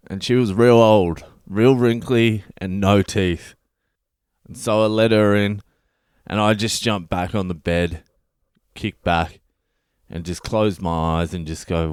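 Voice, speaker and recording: A middle-aged Australian man tells a story and drops swear words in almost every line, acting out his own reactions as he goes. His voice is low, smooth and clear, recorded very dry and close. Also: fairly even intonation, measured pace, no room sound. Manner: swears constantly, acts out his own lines. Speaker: comedian and podcast host. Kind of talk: profane comic storytelling.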